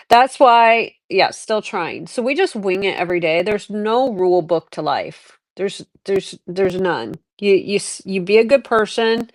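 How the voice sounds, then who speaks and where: A woman's voice: mid-range voice, no room sound. Candid rambling woman on a livestream. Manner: rambling, candid, reflective, many restarts. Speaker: livestream host. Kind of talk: casual livestream chat.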